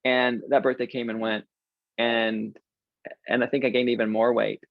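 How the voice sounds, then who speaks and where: A man's voice: mid-range voice, flat delivery, normal speed, vocal fry, dry recording, muffled recording. A man in his forties, an interview guest, candidly telling a self-deprecating personal story in a casual way. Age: 40s.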